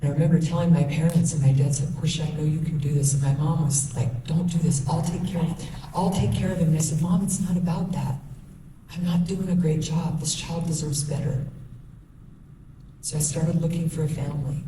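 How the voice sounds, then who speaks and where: A woman's voice: low voice, fairly even intonation, brisk. A woman in her thirties giving a candid personal testimony as a guest speaker, telling her story with quoted dialogue. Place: school hall. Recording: echoey room, distant mic, faint noise.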